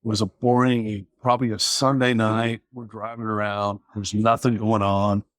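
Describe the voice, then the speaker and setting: A man with a somewhat low voice tells a police story in a relaxed, wry way. He livens up when he quotes the people in it. The sound is dry and close, with no room echo. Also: moderate pace. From Seattle area. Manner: wry, animated when quoting others. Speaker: police officer telling a story. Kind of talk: casual storytelling.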